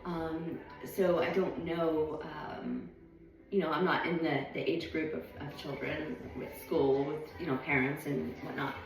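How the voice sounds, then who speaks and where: A woman's voice: low voice, level tone, measured pace, distant mic. A woman vlogging at home, rambling thoughtfully with lots of ums and hesitations. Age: adult. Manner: meandering, reflective, many ums. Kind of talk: casual rambling monologue. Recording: echoey room, voice off-mic, faint music.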